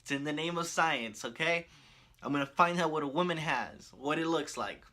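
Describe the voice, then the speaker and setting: A man's voice: a little high, moderate pace, pushed and bright. A man voicing a flustered eccentric male scientist who nervously talks himself into something.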